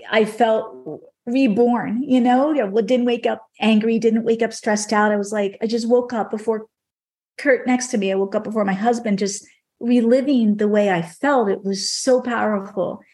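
A woman's voice: on the high side, normal speed, a little mellow. A woman on a podcast telling an emotional personal story in a conversational, earnest way, with many fillers. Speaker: podcast guest speaker.

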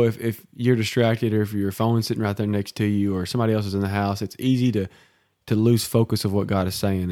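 A man's voice: lowish voice, mellow, no room sound, clean studio sound. Earnest man preaching on a podcast. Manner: earnest, preachy exhortation with teasing. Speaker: podcast co-host. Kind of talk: casual devotional podcast talk. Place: home office.

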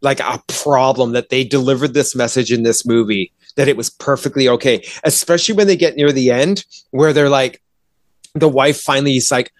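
A man's voice: medium pitch, fairly quick, dry recording. Exasperated man ranting, dry close sound. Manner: exasperated, profane, acts out characters in quoted voices. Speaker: movie reviewer. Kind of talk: casual podcast rant.

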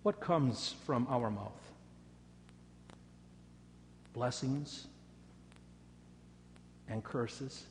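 A male pastor preaching a sermon, telling stories dramatically and dropping to a soft voice for prayer. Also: mid-range voice, extremely slow, big-room sound, slight background noise. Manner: dramatic storytelling, rising loud for quoted taunts, dropping soft for prayer.

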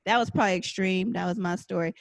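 A woman's voice: medium pitch, quick pace, creaky, dry recording. A young pregnant woman co-hosting a casual chat show, telling frank self-deprecating stories about motherhood. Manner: candid, self-deprecating storyteller. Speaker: podcast co-host.

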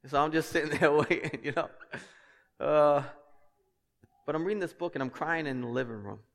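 A male pastor delivers a sermon with passion, pushing his emphasis higher and louder, then dropping into easy asides with the congregation. His voice sits a little high for a man. The sound rings with the long reverb of a church hall. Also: normal speed. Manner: passionate, emphatic preaching that climbs in pitch and volume.

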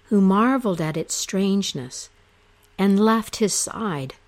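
A woman narrating an ancient myth aloud in a slow, expressive storytelling manner. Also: mid-range voice.

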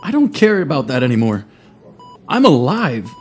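A man's voice: sing-song, moderate pace, slight background noise, natural voice. A man voicing a shaken young male hospital patient who speaks earnestly and emotionally. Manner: earnest, emotional, higher than his own voice.

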